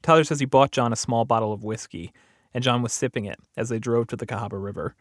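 A man hosting the program, calmly narrating a scripted account and interviewing a caller. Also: mid-range voice, fast, no echo, clean studio sound. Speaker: host and narrator.

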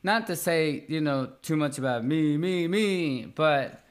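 A man with a slightly raised voice talks loosely and warmly on a podcast. He is enthusiastic and encouraging, looping through praise and half-finished thoughts. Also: fairly high pitch, lively intonation, unhurried, smooth. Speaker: podcast host. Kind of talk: casual podcast chat.

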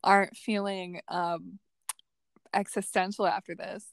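Young female co-host, reflective, mid-pitched, dry close sound. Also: little pitch movement, vocal fry, no echo. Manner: reflective, slow and drawn-out when making a point. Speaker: podcast co-host. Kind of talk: casual chat.

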